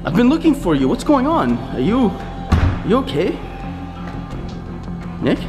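A young man hosting a horror vlog, talking to viewers as "guys" and getting loud and scared as things go wrong. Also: high-pitched, huge pitch swings, measured pace, long pauses, music in the background. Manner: addresses viewers as guys, grows panicked and shouty. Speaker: vlogger.

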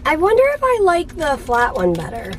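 A woman chats with dry, playful humor for a daily vlog. Her voice sits high. A faint hum of car noise is behind her. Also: huge pitch swings, normal speed. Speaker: vlogger. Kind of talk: casual vlog chat.

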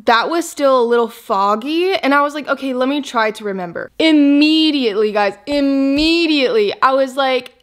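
A young woman vlogging in a casual, rambling way. She talks in a chatty, excitable and emotional manner. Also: high voice, normal speed, few pauses. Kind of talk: casual diet vlog chat.

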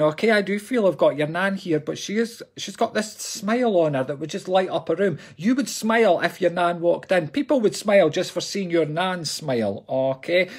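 A man's voice: high-pitched, moderate pace, few pauses. A Scottish man, a psychic medium, giving readings on a live stream in a chatty, jokey way and talking to viewers as folks.

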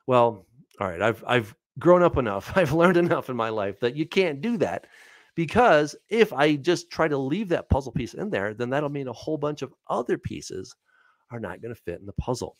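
Recorded dry, this man speaks at normal speed in a medium pitch while fielding viewers' questions about the Bible. He reads verses out loud, poses rhetorical questions, and keeps it lively and conversational with frequent "all right" and "right?".

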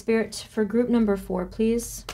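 A woman's voice: fairly high pitch, steady tone, measured pace, dark tone, slight background noise. A woman doing a solo tarot reading, thinking aloud as she names cards and asks spirit questions. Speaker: tarot reader.

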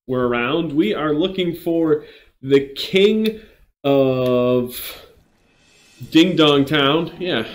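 A man hosting a video game playthrough, chatting casually with dry, self-mocking jokes. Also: mid-range voice. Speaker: gameplay host. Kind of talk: casual let's-play commentary.

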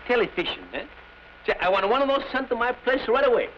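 An actor playing a brash, self-important gang boss who talks fast in clipped, broken grammar, in 1930s comedy film style. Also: male voice, very high-pitched, animated, slight background noise. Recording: muffled 1930s film soundtrack with music.

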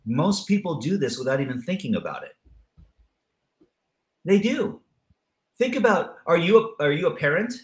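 Middle-aged male guest, lively storyteller who acts out voices in quotes, wide-ranging pitch, roomy sound. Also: moderate pace, long pauses. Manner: lively storyteller acting out dialogue with voice changes. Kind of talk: animated motivational interview talk.

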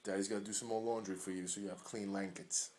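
Guy at home talking baby talk to his dog, kinda low voice, gentle and coaxing, goes soft and quiet a lot. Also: steady tone, fast talker. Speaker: dog owner filming his sick pet. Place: at home indoors.

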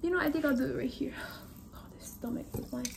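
A woman with a high, bright-pitched voice vlogs casually from home. She talks frankly and chattily to her viewers and often breaks into exclamations. A faint room hum sits behind her. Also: fast talker, gravelly. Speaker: vlogger. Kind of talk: casual vlog talking to camera.

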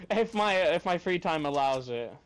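A man's voice: on the high side, measured pace, smooth. A young man chatting casually over gameplay, telling stories with lots of swearing and laughter. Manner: animated storyteller, swears freely, laughs often. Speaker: gamer and co-commentator.

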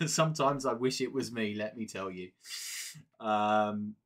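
A man's voice: lowish voice, slow pace. A man streaming a game live, chatting casually with viewers, swearing freely and often breaking into giggles. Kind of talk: live gameplay stream commentary.

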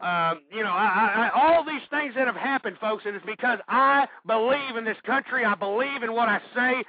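High raspy shouting talk-radio man. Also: moderate pace. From United States. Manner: impassioned ranting, bursts into shouting, swears. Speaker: radio show host. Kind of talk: political talk radio monologue. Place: cold room. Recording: tinny phone-like lo-fi internet radio.

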